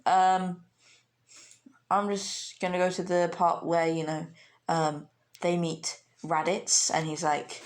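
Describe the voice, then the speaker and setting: A woman's voice: lowish voice, flat delivery, takes it slowly. A woman casually narrating a fan-made story, rambling and giggly. She fills her talk with fillers and small laughs. Her delivery is loose and offhand.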